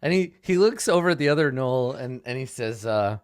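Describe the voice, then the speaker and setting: A man's voice: medium pitch, expressive, a little fast, clean tone. A man narrating as game master, telling the scene loosely with lots of fillers and laughs.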